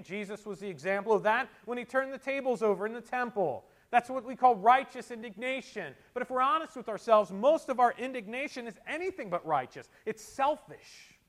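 A middle-aged man preaching a sermon as a pastor, moving between quiet storytelling asides and forceful exhortations. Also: extremely high pitch.

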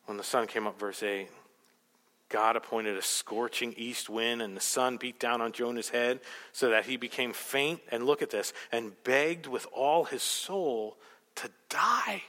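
A man preaching a sermon, emphatic and rhetorical, telling the story with animated asides. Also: mid-range voice, normal speed, big-room sound. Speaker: pastor.

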